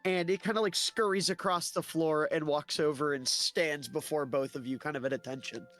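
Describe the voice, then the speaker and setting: A man's voice: fairly high pitch, steady tone, moderate pace, fairly bright tone, soft background music. A man narrating a tabletop game as game master, loose and rambling with many fillers.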